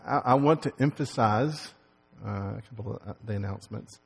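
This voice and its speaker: A man's voice: lowish voice, vocal fry, husky. A man leading a congregation as pastor, giving folksy church announcements and opening remarks. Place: church sanctuary. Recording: long hall reverb.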